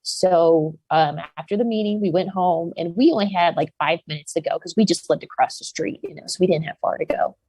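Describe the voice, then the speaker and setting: Husky Southern woman telling her story. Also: lowish voice, brisk, hardly any pauses, dry recording, low-quality recording. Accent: Southern American. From American South. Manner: animated storytelling with many restarts. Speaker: podcast guest. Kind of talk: recounting a personal encounter.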